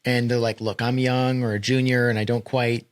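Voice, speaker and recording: A man co-hosting a casual podcast, talking in animated, quick bursts and laughing easily. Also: medium pitch. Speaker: podcast co-host.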